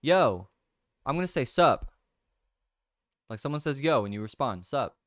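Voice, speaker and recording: A young man casually hosting a livestream, thinking out loud over crossword clues, reading viewer comments and laughing often. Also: mid-range voice, sing-song, measured pace, no room sound, studio quality. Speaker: livestream host. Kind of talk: casual chat, solving a crossword with chat.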